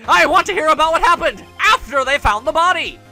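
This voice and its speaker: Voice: high-pitched, very animated, moderate pace, faint music behind, voice pushed up, full character voice. Ein Sprecher spielt einen nervösen jungen Verteidiger in einem Videospiel, der stammelt und laut wird. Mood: flustered. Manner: nervous, stammering, then shouting. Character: flustered young male defense lawyer.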